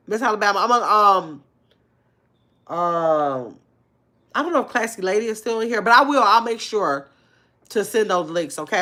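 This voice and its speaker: A middle-aged woman hosts a casual livestream. She reads viewers' comments aloud and answers them in a chatty, heartfelt way, with plenty of ums and restarts. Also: medium pitch. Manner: warm conversational, reads chat aloud, frequent fillers. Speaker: livestream host.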